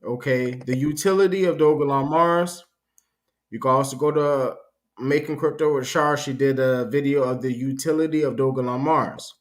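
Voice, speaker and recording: A man hosting a live stream, building up his audience with upbeat, drawn-out motivational talk. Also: mid-range voice, fairly even intonation. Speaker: host of a crypto live stream.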